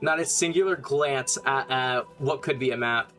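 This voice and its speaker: A man's voice: medium pitch, normal speed, fairly bright tone, soft background music. A young man casually commenting while streaming a game, blunt and rambling, swearing often.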